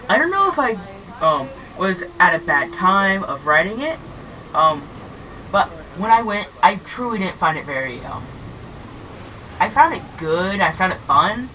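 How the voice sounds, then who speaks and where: A woman talking through her roller coaster rankings in a casual vlog, halting often with fillers and restarts. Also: low-pitched, pushed and bright. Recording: distant mic with faint background noise.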